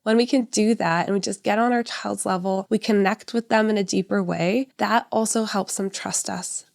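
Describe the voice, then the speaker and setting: A woman's voice: mid-range voice, fairly even intonation, normal speed, vocal fry, darkish tone. A woman in her thirties hosting a solo parenting podcast, talking in a conversational, reflective way and often checking in with "right?". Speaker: podcast host, parenting educator.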